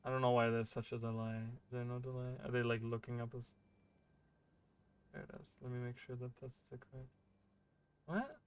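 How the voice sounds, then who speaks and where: A man's voice: mid-range voice, fairly quick, pauses often, clear, resonant tone. Rambling male streamer, filler-heavy chat. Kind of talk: casual livestream chat while gaming.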